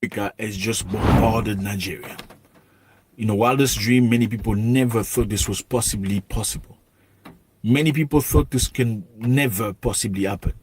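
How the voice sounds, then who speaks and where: A man narrating news events in a steady, explanatory way. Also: fairly low pitch, moderate pace, a little hiss or hum.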